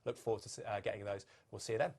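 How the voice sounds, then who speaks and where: A man hosting a boxing talk show who reads out viewer questions and moves the chat along briskly. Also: fairly low pitch, fairly even intonation, gravelly, a little mellow, breathy edge. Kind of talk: casual studio chat.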